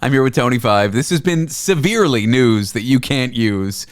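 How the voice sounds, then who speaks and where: A man's voice: mid-range voice, expressive, moderate pace, clean tone, dry recording, clean studio sound. A man hosting a comedy talk show, telling a story in a rambling, self-mocking way and laughing often. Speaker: host. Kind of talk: casual comedic chat.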